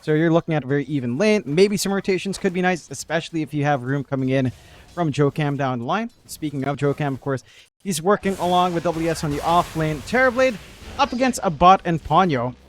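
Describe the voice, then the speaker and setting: A man's voice: on the high side, animated, a little fast, a little hiss or hum. A man casting a pro video game match, playful and reading chat messages aloud between play-by-play. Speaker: esports caster. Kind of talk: esports commentary.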